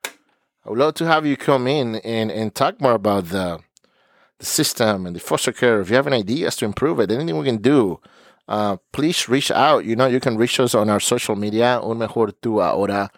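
A man's voice: mid-range voice, a little fast, dry recording, clean studio sound. A man hosting a podcast as a therapist, speaking earnestly and emotionally and often repeating words as he searches for them. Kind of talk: heartfelt podcast monologue.

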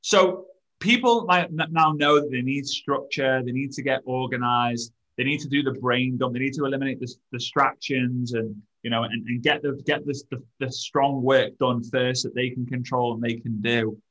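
A male podcast host with an even, mid-range voice, talking in a relaxed, eager way. He jumps back into his sentences often and keeps the chat moving with his guest. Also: medium pitch, normal speed, rough recording. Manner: enthusiastic, restarts sentences often. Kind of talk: casual interview chat.

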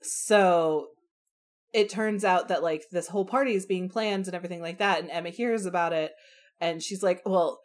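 A young woman co-hosting a casual podcast about a book, relaxed and laughing along as she explains it. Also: fairly low pitch, normal speed. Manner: relaxed, laughs along, uses fillers like blah blah. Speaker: podcast co-host.

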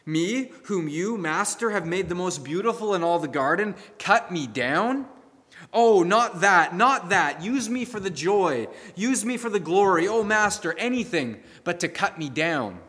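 Fable figure: a pleading, trembling bamboo, done by a man, a little high, lingering hall echo. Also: measured pace, a bit bright. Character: proud male bamboo plant, pleading and trembling. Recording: long hall reverb.

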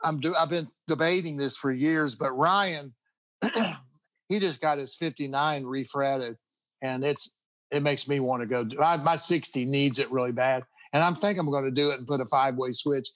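A man's voice: mid-range voice, moderate pace, fairly bright tone, no echo. A middle-aged man telling rambling anecdotes in a casual interview, full of restarts and chuckles. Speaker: guest guitarist.

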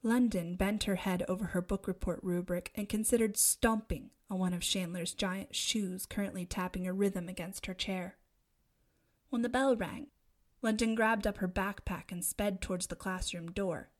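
A woman reading a young adult novel aloud as narrator, steady and expressive. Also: mid-range voice, moderate pace. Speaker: audiobook narrator. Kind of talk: scripted narration.

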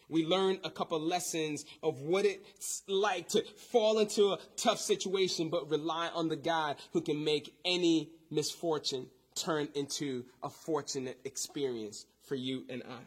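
A man preaching a sermon, swinging between intense rises and quiet drops and repeating his key lines. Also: a little high, slightly rough. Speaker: pastor.

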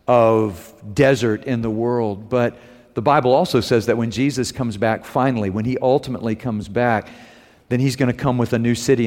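A middle-aged male preacher delivers a sermon in a church sanctuary, telling stories and lifting his voice loud on key phrases. The sound rings with a long hall reverb. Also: mid-range voice. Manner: animated storytelling, rising loud on key phrases. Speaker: preacher and homiletics teacher.

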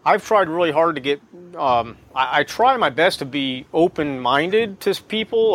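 Rambling man with a higher voice. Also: lively intonation, moderate pace, a bit bright. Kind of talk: casual podcast chat.

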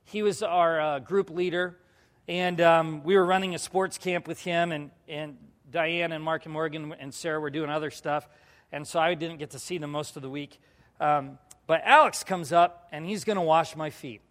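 A youth pastor with a high-pitched voice preaches his personal testimony to a congregation, telling it with animation and swinging from loud bursts to hushed asides. His tone stays steady at a normal pace, and a long reverb from the large church hall surrounds him.

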